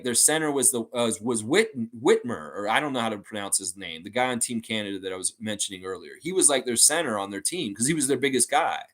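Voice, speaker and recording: Animated man hosting a fan livestream. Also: mid-range voice. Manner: rambling and animated, with many fillers like "and stuff like that". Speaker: host of a fan channel livestream. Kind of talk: casual livestream chat, reading out viewer comments.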